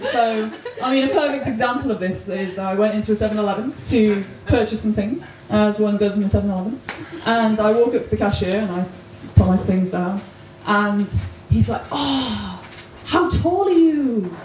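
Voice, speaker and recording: A woman's voice: medium pitch, fairly even intonation, a little fast, few pauses, slight background noise. A young woman doing a stand-up comedy set at a pub comedy night, self-deprecating and laughing at her own jokes. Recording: loud roomy pub recording from far off.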